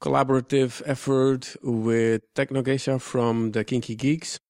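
A man's voice: mid-range voice, level tone, unhurried, darkish tone, dry recording. A man co-hosting a podcast in casual chat, dry and matter-of-fact with a playful edge. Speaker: podcast co-host.

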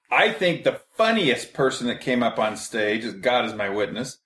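A man's voice: medium pitch, very animated, normal speed, fairly bright tone. Chuckling man telling stories, roomy sound. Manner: storytelling, chuckling often. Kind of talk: casual group chat. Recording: roomy echoey room.

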